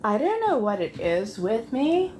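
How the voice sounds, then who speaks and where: Lively, unhurried woman ASMR streamer. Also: fairly high pitch, noisy background. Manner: profane, dramatic, drifts into whispers. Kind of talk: casual chat. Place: apartment.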